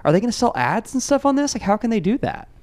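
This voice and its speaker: A man's voice: very high voice, very animated, fast talker, darkish tone, dry recording. A man co-hosting a tech podcast in casual chat, curious and asking lots of questions. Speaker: podcast co-host.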